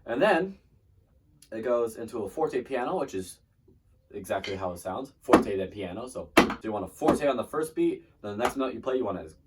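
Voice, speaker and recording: A man's voice: mid-range voice, big pitch swings, normal speed, heavy background noise. A man giving a casual, chatty drumline lesson, breaking down snare and tenor parts and trailing off mid-demonstration. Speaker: drumline instructor. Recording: distant mic with loud drum music.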